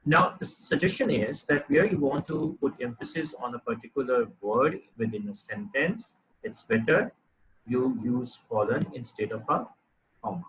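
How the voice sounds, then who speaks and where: A man's voice: medium pitch, animated, normal speed, a bit bright, a little hiss or hum, rough recording. Man teaching a writing lesson. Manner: explanatory, with frequent fillers and restarts. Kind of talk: lecture on writing.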